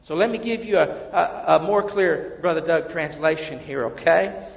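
A male pastor preaching a sermon, emphatic, then dropping to quiet asides. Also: on the high side, moderate pace, vocal fry. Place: church sanctuary. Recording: muffled, echoey church hall.

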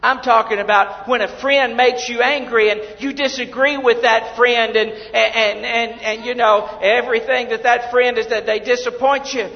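A man preaching a fervent sermon as pastor of a church, swinging from shouted lines to hushed asides. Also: very high voice, fairly even intonation, moderate pace, creaky, few pauses. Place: church sanctuary. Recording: dull, lo-fi, with long hall reverb.

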